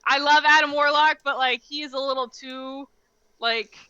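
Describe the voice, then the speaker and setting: A young woman co-hosting a casual chat, animated and full of "like" fillers, laughing often. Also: high voice, measured pace, no echo, muffled recording. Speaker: podcast co-host.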